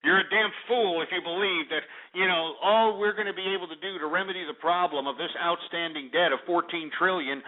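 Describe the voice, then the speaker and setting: A man hosting a call-in radio show, ranting brashly and insulting callers. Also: high voice. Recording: phone-like lo-fi radio audio.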